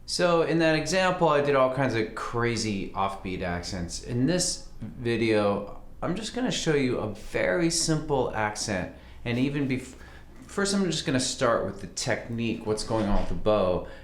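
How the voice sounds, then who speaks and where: Lively-voiced man teaching fiddle. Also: mid-range voice, moderate pace. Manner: relaxed, conversational, counts beats aloud. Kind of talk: casual music lesson. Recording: roomy sound with fiddle playing.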